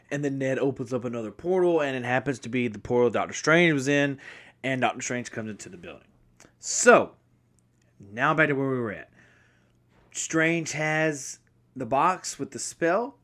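A man hosting a podcast casually recaps a film from memory, rambling with frequent restarts and self-corrections. He's excitable and apologizes now and then for jumping around, speaking at medium pitch and normal speed.

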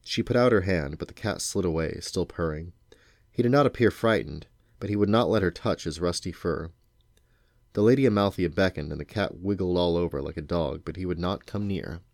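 A man reading a novel aloud to his children in a steady, unhurried way. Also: deep voice, creaky, no echo, clean studio sound.

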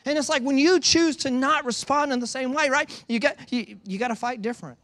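A man's voice: very high-pitched, fairly quick, dry recording. A man preaching a sermon in a church, telling stories with playful teasing. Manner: animated storytelling with playful teasing. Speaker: pastor.

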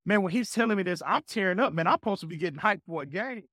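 A man guesting on a podcast, telling a personal faith story with an energetic, preacher-like delivery. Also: high voice, rapid-fire, dry recording, studio quality. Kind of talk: casual faith talk.

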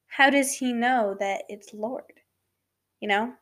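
A woman hosts a casual talk about faith, speaking at an unhurried, drawn-out pace. She rambles, stops to correct herself and drifts into asides. Now and then her voice sinks to a soft whisper on a key word. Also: fairly high pitch. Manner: sometimes drops to a soft whisper for emphasis. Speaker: podcast host.

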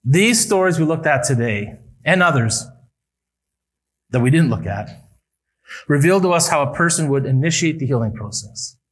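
A male pastor preaching a sermon at a church service, building emphatic appeals that rise and then drop quietly. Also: on the high side, expressive, normal speed, pauses often, slightly rough, poor audio.

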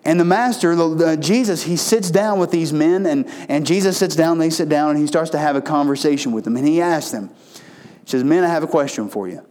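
A male pastor with a fairly high voice preaches a sermon in a folksy storytelling way. He often trips over and restarts his phrases, then climbs in pitch to stress a point. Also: a little fast, a little mellow. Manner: folksy storytelling, frequent restarts, rising emphasis.

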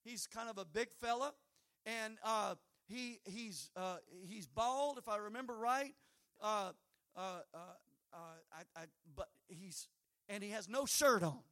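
A preacher telling a folksy, rambling story from the pulpit. His voice sits very high and bright, and he climbs toward loud, fervent praise. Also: unhurried. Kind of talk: sermon storytelling.

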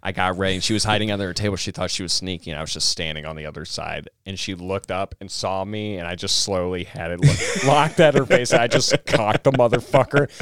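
A man's voice: deep voice, brisk, few pauses, clean tone, dry recording. A man co-hosting a podcast, telling stories in casual chat, cursing often. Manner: profane, animated storyteller. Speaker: podcast co-host.

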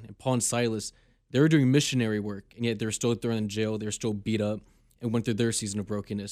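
A man's voice: lowish voice, a little mellow, no echo, studio quality. A man hosting a faith podcast, setting up his question thoughtfully with a scripture reference. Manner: thoughtful, leads with scripture before asking a question. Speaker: podcast host. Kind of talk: casual faith podcast conversation.

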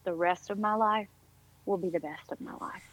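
A woman's voice: mid-range voice, moderate pace, a bit bright, rough recording. A woman talking as a podcast guest, upbeat and effusive, full of faith-filled encouragement. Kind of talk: casual interview chat.

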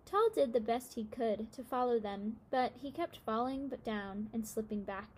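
A woman reading a children's story aloud with steady, expressive narration. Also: on the high side, moderate pace.

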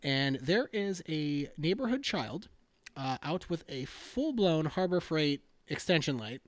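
A man co-hosting a casual podcast chat outdoors at night, with excitable, profane banter. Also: fairly high pitch, a little slow, no echo. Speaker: podcast co-host.

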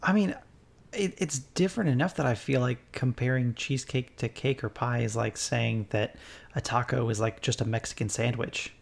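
A man talks in a casual podcast chat with a gravelly, creaky voice at an ordinary pitch. He teases his co-host with dry, wry remarks. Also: normal speed.

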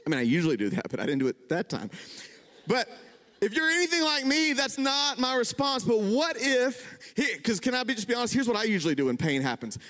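A young adult man preaching a sermon in a church, telling funny stories about himself with lively swings in his voice. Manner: animated, self-deprecating, jumps in pitch when excited. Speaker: pastor. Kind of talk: sermon with storytelling. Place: church sanctuary. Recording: long hall reverb.

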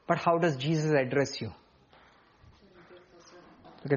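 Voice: mid-range voice, fairly even intonation, a little slow, long pauses, highs cut off. A preacher delivering an emphatic sermon and often asking the congregation questions.

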